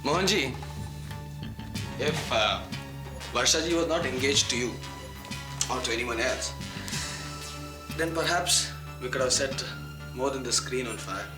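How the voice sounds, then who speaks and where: A man's voice: medium pitch, lively intonation, measured pace, pauses often, music in the background, lightly acted. An actor playing a boastful, flirtatious male film star with an Indian accent, breezily mixing Hindi into his English. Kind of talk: 1990s TV drama acting.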